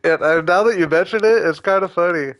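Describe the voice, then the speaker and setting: A man casually chatting and joking with his viewers while playing a game, relaxed and full of small hesitations. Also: high-pitched, a little fast. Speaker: streamer. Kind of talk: casual live-stream chat with viewers.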